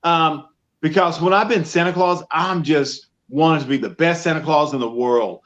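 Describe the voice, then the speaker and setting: Man telling an animated story. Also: on the high side, normal speed, highs cut off. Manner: animated storyteller, acts out both sides of phone calls. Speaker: professional Santa Claus, guest. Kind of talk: casual interview chat.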